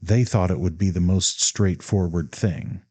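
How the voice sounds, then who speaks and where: A man's voice: low-pitched, measured pace, no room sound. A man reading as a faltering, timid mother. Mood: timid pleading. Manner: hesitant, stammering, gentle.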